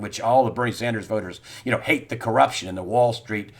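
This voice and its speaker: A middle-aged man hosting an election commentary monologue, emphatic and repetitive, with many "uh" fillers and swings from loud outbursts to near-quiet asides. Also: medium pitch, moderate pace. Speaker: host.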